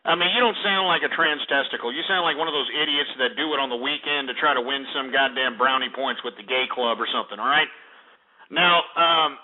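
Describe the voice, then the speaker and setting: A man's voice: mid-range voice, a little fast. A man hosting a call-in radio show, brash and profane, berating callers with insults. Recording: tinny phone-like radio audio.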